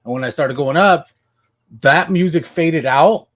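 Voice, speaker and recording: A man's voice: on the high side, unhurried, fairly bright tone. Podcast guest, male, from Washington State, casual storyteller who acts out his own lines. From Washington State, USA.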